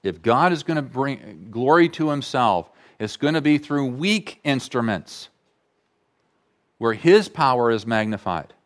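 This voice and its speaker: A man preaching a sermon as pastor, slow and deliberate, repeating key phrases for emphasis. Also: medium pitch, animated.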